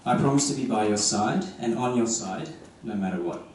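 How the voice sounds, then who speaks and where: Earnest young groom reading vows. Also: male voice, lowish voice, brisk, darkish tone. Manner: earnest and tender, with light humor. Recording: echoey distant venue sound with ambient noise.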